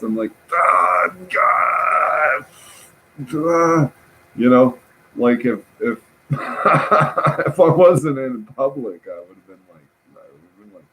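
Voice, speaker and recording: A man's voice: fairly low pitch, slight background noise, rough recording. A man rambling through a casual, profane, self-mocking story with lots of fillers and restarts. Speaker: vlogger.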